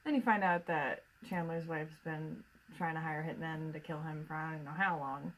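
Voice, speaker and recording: A woman co-hosting a podcast, chatting casually with blunt, quick reactions. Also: low-pitched, steady tone, a bit bright, poor audio. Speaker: podcast co-host. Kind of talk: casual chat.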